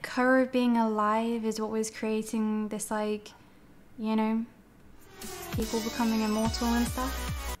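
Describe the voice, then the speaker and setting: A woman's voice: a little high, level tone, unhurried, soft background music. A woman streaming a game late at night, tired and teary, rambling casually with lots of "like" and "dude". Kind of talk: casual live-stream chat.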